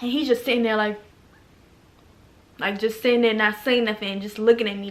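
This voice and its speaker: A woman from Maryland telling a story to her viewers in a casual, animated, profane way, filled with "like". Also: fairly high pitch, brisk, slight background noise.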